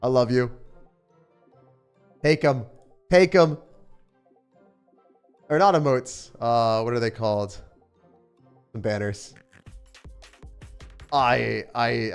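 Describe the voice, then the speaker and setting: A young man streams a game live, cracking jokes at his own expense while reading and answering chat. His voice is medium in pitch, his pace measured with frequent pauses, and soft music plays in the background.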